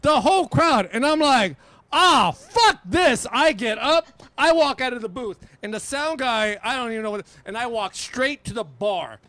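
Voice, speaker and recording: A middle-aged man, a radio DJ, telling a story in casual chat, animated and profane, acting out the people he quotes. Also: very high voice, moderate pace, no echo. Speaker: radio DJ guest.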